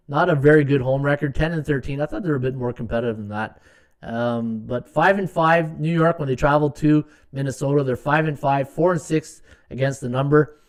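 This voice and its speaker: A man's voice: mid-range voice, darkish tone. A man hosting a live sports betting podcast, rambling through stats with many fillers and restarts, sometimes muttering to himself as he checks numbers.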